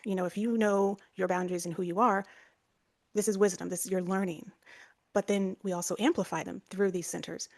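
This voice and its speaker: A woman co-hosting a podcast, explaining ideas in a casual, chatty way with lots of fillers and restarts. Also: on the low side. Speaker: podcast co-host.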